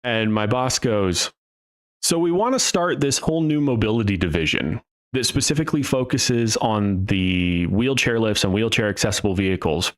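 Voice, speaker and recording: A young man with a fairly low voice tells a story casually to his podcast audience. He is animated and acts out the lines of the people in his story. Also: moderate pace. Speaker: podcast host. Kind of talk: casual storytelling to a live chat.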